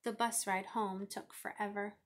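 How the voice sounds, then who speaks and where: A woman reading a children's picture book aloud, expressive and lively. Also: mid-range voice, measured pace. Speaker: reader.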